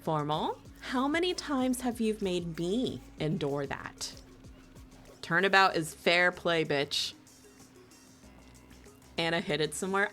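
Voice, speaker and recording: A woman from New Jersey chatting casually with viewers on a live stream, playful and teasing, laughing often and swooping high in pitch when excited. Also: slow pace, pauses often, faint music behind.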